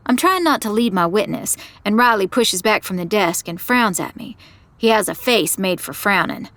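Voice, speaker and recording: A woman's voice: mid-range voice, expressive, normal speed, fairly bright tone, no room sound. Woman narrating a story in a dry studio. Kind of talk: first-person scripted narration.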